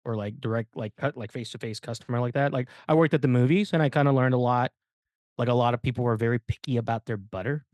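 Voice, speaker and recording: A man hosting a podcast, telling stories in a casual, animated way and acting out the people he quotes. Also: mid-range voice, fast talker, no room sound. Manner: animated storyteller, acts out quoted dialogue. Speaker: podcast host.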